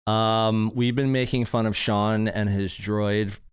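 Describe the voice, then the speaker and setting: A man's voice: lowish voice, fairly even intonation, slow, clean tone, dry recording, studio quality. A man co-hosting a podcast in casual chat, sarcastic and laughing often. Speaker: podcast co-host. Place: podcast studio.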